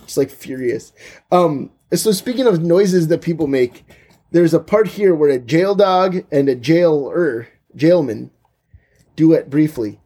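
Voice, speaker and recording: Husky-voiced man hosting a podcast. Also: a little high, animated, measured pace, warm tone. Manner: jokey, breaks into silly voices. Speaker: podcast co-host. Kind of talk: casual chat.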